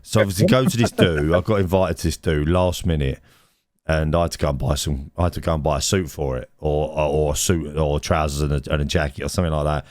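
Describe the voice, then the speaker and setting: A man's voice: extremely low pitch, steady tone, fast, a little mellow, no echo, studio quality. A man co-hosting a casual podcast, rambling and restarting his sentences as he tells stories. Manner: rambling, repeats words, laughs at own stories. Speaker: podcast co-host. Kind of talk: casual banter. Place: indoors, recorded live.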